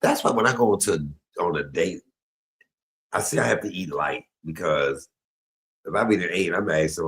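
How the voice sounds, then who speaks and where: A man's voice: low voice, animated, moderate pace, pauses often, a bit bright, rough recording. A middle-aged man, telling stories on a home cooking livestream, chatty and laughing. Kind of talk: casual storytelling while cooking.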